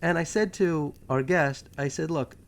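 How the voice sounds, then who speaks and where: Host type: gravelly New York man with a slightly high voice, riffing sarcastically and wandering off topic. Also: unhurried. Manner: animated, digressive, sarcastic asides. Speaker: podcast host. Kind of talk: casual monologue.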